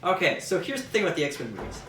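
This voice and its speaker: A man's voice: high-pitched, sing-song, fast, vocal fry, fairly bright tone, slight background noise. A man from Texas co-hosting a podcast, joking and sarcastic as he steers a casual movie chat. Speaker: podcast co-host. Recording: roomy, distant mic.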